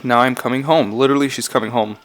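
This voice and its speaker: A man's voice: mid-range voice, steady tone, fast, soft background music. Rambling man unpacking song lyrics. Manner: rambling, self-correcting, often unsure. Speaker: YouTuber analyzing game song lyrics. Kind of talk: casual commentary vlog.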